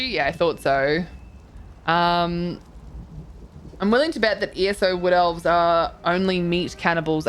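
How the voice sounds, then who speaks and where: Lowish in pitch and a bit bright, this young woman's voice carries a casual live stream as she tours houses in a game. She reads the chat out loud, gasping and cursing in reaction.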